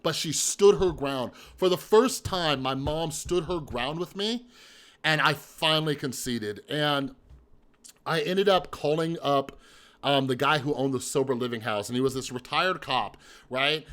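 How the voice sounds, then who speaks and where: A man's voice: a little high, measured pace, fairly bright tone. A man in his thirties telling his own story on a vlog, blunt and profane, with emphatic repetition and rhetorical asides to the listener. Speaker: mental health vlogger. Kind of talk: candid personal storytelling.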